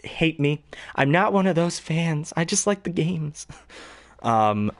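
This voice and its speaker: A man's voice: fairly high pitch, expressive, slow. Rambling young man talking about voices. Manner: rambling, lots of fillers and laughs. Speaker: hobby voice actor. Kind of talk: casual chat.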